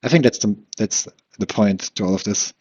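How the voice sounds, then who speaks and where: A man with a lowish voice talks alone into a dull, lo-fi microphone, circling his frustrations aloud. He keeps restarting sentences and questioning himself as he goes. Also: normal speed, darkish tone, slightly rough. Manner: frustrated, rambling, self-questioning with frequent restarts and laughs. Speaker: podcast host. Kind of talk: solo rambling monologue. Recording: dull lo-fi recording.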